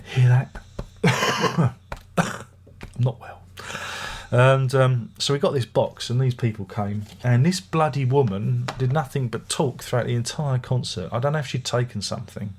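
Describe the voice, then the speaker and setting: A man's voice: medium pitch, normal speed, darkish tone, a little hiss or hum. A middle-aged man with a chesty, unwell voice, chatting wryly and grumbling through a casual music review. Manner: chatty, wry, grumbling anecdotes. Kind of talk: casual rambling review monologue.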